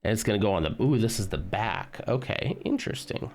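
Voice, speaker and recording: A man's voice: on the low side, expressive, fairly quick, darkish tone, a little hiss or hum. A man casually chatting with viewers on a live stream while building a model kit, rambling and humming tunes as he works.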